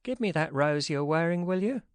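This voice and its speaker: A cool young safecracker with an even, lowered voice and clipped, unhurried lines, acted by a woman narrator. He stays unruffled throughout this storybook reading. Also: clear, resonant tone. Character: cool, confident male safecracker, young man.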